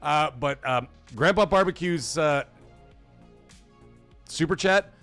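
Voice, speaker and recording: A man's voice: on the high side, takes it slowly, fairly bright tone, soft background music. A man hosting a livestream in casual chat, swearing freely and laughing as he reads chat messages aloud. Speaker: livestream host.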